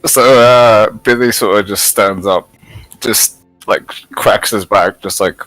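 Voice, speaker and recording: A man's voice: on the low side, slow pace, fairly bright tone, no echo, soft background music, poor audio. A man playing a tabletop game, joking and describing what his character does. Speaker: player.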